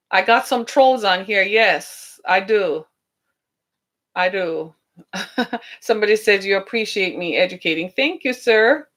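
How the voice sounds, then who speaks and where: Woman livestream host, mid pitch, conversational, reads comments, quick to laugh. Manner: conversational, chuckles at trolls, asks "right?". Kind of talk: casual live talk reading viewer comments.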